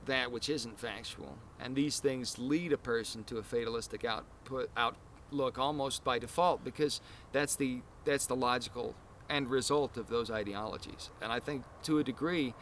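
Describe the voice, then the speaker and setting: A man's voice: medium pitch, normal speed, few pauses, a bit bright, a little hiss or hum. A man hosting a casual podcast chat, talking in long, earnest, rambling explanations. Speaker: podcast host.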